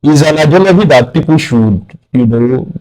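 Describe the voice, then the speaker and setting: A man's voice: on the high side, animated, normal speed, a little mellow. A man with a Nigerian accent, a guest on a radio talk show, arguing his views firmly and repeating words when pressed.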